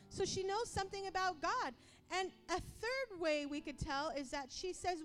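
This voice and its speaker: A woman preaching a sermon with passion, acting out quoted voices and rising to yelling at times. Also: very high voice, expressive, moderate pace, few pauses, soft background music.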